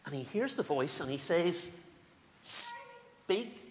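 A male minister with a Northern Irish accent, giving an animated, playful children's talk in a church service. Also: on the high side, moderate pace. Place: church sanctuary. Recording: echoey church with faint room noise.

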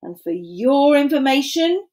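A woman's voice: high voice, sing-song, unhurried, voice pushed up. A woman playing a defiant greedy factory man. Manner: loud, defiant and mocking. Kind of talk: storybook read-aloud.

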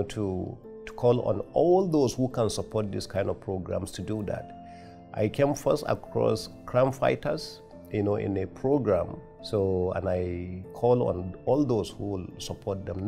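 Deep, gravelly man appealing to the public. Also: warm tone. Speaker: supporter giving an endorsement. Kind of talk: interview statement.

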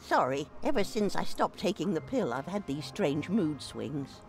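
An actress voicing a sharp-tongued, eccentric old woman in a video game, speaking in a haughty, dramatic way. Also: deep voice, sing-song, moderate pace, soft background music. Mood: dry. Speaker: game character.

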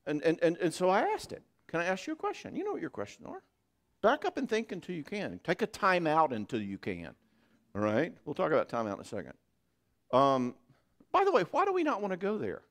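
A man speaks to couples at a church marriage conference. His voice sits a bit high and swings widely as he talks. He keeps it conversational and jokes easily with the room. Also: a little fast. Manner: animated, joking, conversational.

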